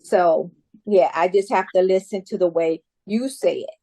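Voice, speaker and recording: A woman's voice: on the low side, moderate pace, dark tone, slightly rough, no echo. A woman English teacher answering students' questions in a classroom, talking casually and encouragingly with many restarts.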